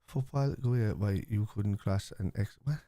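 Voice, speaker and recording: A man's voice: on the low side, normal speed, warm tone, no echo, studio quality. A man, hosting a live football watchalong and answering viewers bluntly, with plenty of swearing. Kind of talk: live stream chat reacting to viewers.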